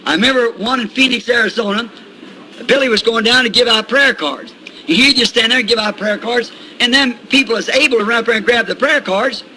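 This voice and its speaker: A high-pitched older man preaching in a folksy storytelling way. His voice is sharp and cutting, and he chuckles between lines. There is a faint hiss under him. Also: brisk, poor audio. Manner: folksy, chuckling anecdote telling. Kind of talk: sermon storytelling.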